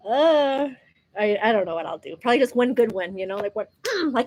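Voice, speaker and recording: Chatty El woman, bright high voice. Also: animated, normal speed, pauses often. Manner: chatty, mixes Spanish words into English, swears playfully, laughs often. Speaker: beauty vlogger. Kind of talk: chatty get-ready-with-me talk.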